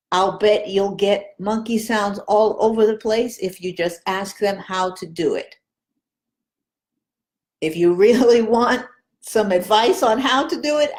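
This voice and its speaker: A woman's voice: medium pitch, a little mellow. A woman teaching Spanish pronunciation in an online lesson, patiently modeling each sound and coaching the listener.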